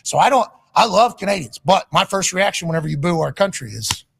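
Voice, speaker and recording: This is a man from Pittsburgh with a high-pitched voice and a gravelly edge. He talks in a blunt, profane, rambling way, like an impassioned on-air monologue. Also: animated, brisk, a bit bright. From Pittsburgh, Pennsylvania, USA.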